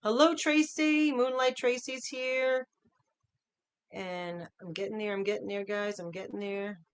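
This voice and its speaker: A middle-aged woman hosts a livestream from home. She chats in an upbeat, easygoing way and greets viewers by name one after another. Her voice is smooth and clear, at an ordinary pitch for a woman. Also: fairly even intonation, measured pace. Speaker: livestream host.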